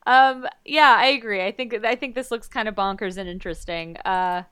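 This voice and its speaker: A woman's voice: medium pitch, normal speed, a bit bright, clean tone, no room sound, studio quality. A woman co-hosting a casual movie chat, rambling and self-deprecating as she runs through upcoming films. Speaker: podcast co-host.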